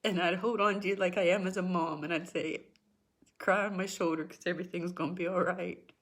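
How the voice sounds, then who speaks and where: Her voice is fairly low and fairly bright, with fairly even intonation and a slightly fast pace. A middle-aged woman hosting a spiritual talk show, she speaks to viewers earnestly and encouragingly about emotional, personal matters, repeating herself for emphasis and sometimes turning tearful.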